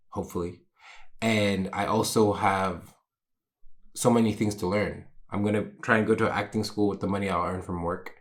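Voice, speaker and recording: A young man hosting a solo podcast, talking in a rambling, emotional, candid way and swearing casually. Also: low-pitched. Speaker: podcast host. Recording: roomy echo.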